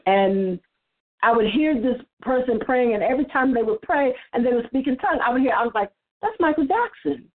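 Earnest higher-voiced woman on a phone line. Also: brisk. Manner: earnest, repeats words when starting a thought. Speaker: panelist on a church roundtable. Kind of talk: casual church discussion and personal testimony.

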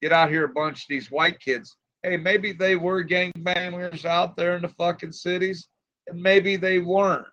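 A man's voice: high-pitched, fairly even intonation, normal speed, fairly bright tone, muffled recording. A man telling crude stories in casual chat, rambling and profane, often laughing at his own tales.

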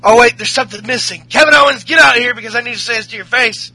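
A man voicing a brash male wrestler who loudly addresses a crowd. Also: very high voice, quick pace, voice pushed up, heavily acted, low-quality recording. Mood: hyped. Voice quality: loud, announcing.

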